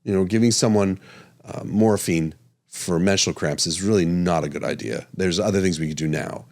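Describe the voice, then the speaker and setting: Animated man with a low voice. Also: moderate pace, gravelly. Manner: animated, chuckling, restarts and self-corrections. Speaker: podcast host and physician. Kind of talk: casual podcast monologue.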